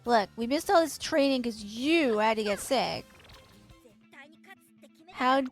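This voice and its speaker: High-voiced woman streamer chatting. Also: expressive, slow, faint music behind. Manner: chatty, teasing, swears at the game, coos at the horses. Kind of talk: casual live-stream chat while gaming.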